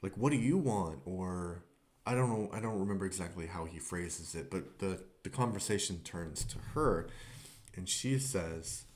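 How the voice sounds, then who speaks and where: A man's voice: deep voice, moderate pace, darkish tone. A man talking casually in a podcast review, rambling with many fillers and restarts. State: tearful at times.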